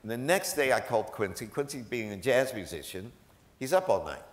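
A man, a professor, telling animated, self-deprecating anecdotes to a live audience and laughing often. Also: medium pitch, a little fast, echoey room. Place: large event hall.

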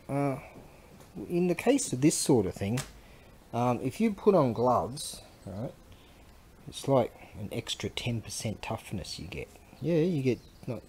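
A man at a middle pitch rambles casually to the camera while tinkering with tools. He swears freely, makes jokes and drops into half-mumbled asides. A faint hum of ambient noise sits behind his voice. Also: a little mellow. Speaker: vlogger selling Japanese goods.

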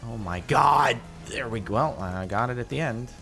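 A man hosting casual gaming commentary, animated and quick to exclaim and laugh. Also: mid-range voice, vocal fry, faint music behind. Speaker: host.

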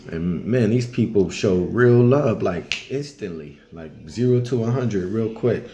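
A man casually telling travel stories in a loose, colloquial way, now and then acting out other people in high voices. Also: animated, unhurried, dark tone, a little hiss or hum. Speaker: travel storyteller. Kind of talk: casual storytelling.

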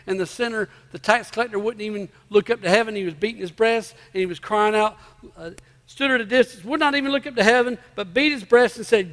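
Pastor guy preaching, pretty high voice for a man, long echo off the church walls. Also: brisk, fairly bright tone. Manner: emphatic, repeats key phrases, asks the congregation rhetorical questions. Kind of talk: sermon. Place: church sanctuary before a congregation.

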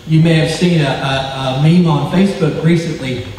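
A man delivers a sermon in a high-pitched voice, swelling on key phrases and dropping low at the ends. He stumbles over a word now and then. The sound comes from far off in a booming, reverberant hall. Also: steady tone, moderate pace, darkish tone, a little hiss or hum. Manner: preaching with emphatic rises and drops, stumbles over words. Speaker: pastor.

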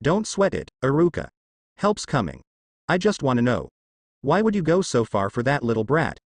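A man's voice: mid-range voice, big pitch swings, moderate pace, no echo, studio quality. A man voicing a blunt, skeptical young male ninja teacher in a fan story reading.

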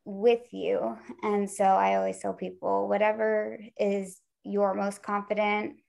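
A woman's voice: mid-range voice, flat delivery, measured pace, creaky, darkish tone. A woman talent manager, a guest on an interview show, giving earnest, encouraging advice with frequent fillers.

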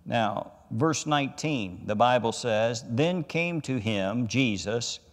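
A man, a pastor, teaching a Bible study sermon, reading scripture deliberately and rising in emphasis on key words. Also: mid-range voice, animated, in a large hall. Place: church sanctuary.

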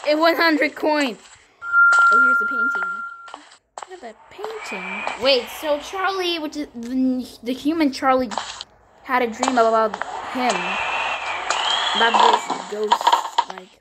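A young woman commenting as she plays a horror game, jumpy and swearing, with sudden high shrieks when startled. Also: lively intonation, slow pace. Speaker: gamer playing a horror game. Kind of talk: let's play commentary. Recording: loud background noise, mic clicks.

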